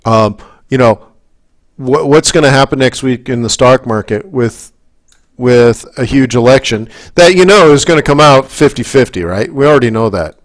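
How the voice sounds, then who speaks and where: A man's voice: medium pitch, moderate pace. A man from Canada coaching forex traders in live market commentary, rambling through asides, checking in with the audience and getting worked up and emphatic.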